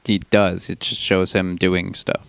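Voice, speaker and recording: A low-voiced man co-hosting a laid-back podcast. He mostly backs up his co-host with quick agreement, then stops to work through his own theory. He talks casually and sometimes trails off mid-thought. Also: little pitch movement, vocal fry, clear, resonant tone. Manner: brief agreeing interjections, short theorizing. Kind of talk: casual movie review chat.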